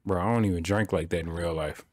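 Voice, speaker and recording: Low-voiced young man joking through gameplay. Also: fast talker, no room sound, soft background music. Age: young adult. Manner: loose slangy running banter. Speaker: gaming streamer. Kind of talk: casual gameplay commentary.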